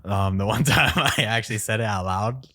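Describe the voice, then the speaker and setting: A man's voice: fairly low pitch, moderate pace, sharp tone. A young man co-hosting a podcast in casual chat, laid-back and laughing often as he tells stories. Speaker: podcast co-host. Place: indoors at his parents' house.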